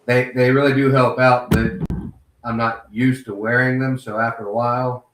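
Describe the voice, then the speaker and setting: A man's voice: medium pitch, level tone, moderate pace, background noise. Wry joking man, echoey and distant. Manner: wry, self-deprecating jokes. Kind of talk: casual interview chat. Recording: echoey, away from the mic.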